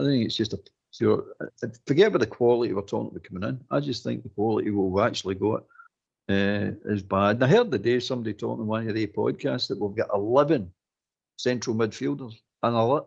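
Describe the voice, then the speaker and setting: A Scottish man co-hosting a fan phone-in, talking in casual, exasperated, animated bursts. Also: mid-range voice, gravelly, breathy edge, muffled recording. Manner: animated, exasperated ranting with laughs. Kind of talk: casual football chat.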